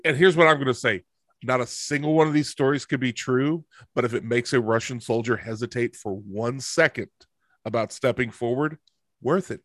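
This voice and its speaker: A man's voice: medium pitch, normal speed, fairly bright tone, no echo, clean studio sound. A middle-aged man, a podcast co-host, making his points emphatically in casual chat. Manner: emphatic, hedges then asserts.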